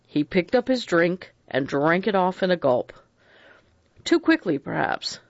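A narrator reading a novel in a slow storytelling manner, on a dull lo-fi recording. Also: mid-range voice, sing-song, no room sound. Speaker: audiobook narrator. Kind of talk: scripted narration.

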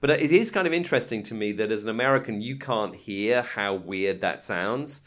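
An English man co-hosting a podcast in casual chat, lively and laughing, slipping into quick impressions. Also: lowish voice. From England. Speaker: podcast co-host.

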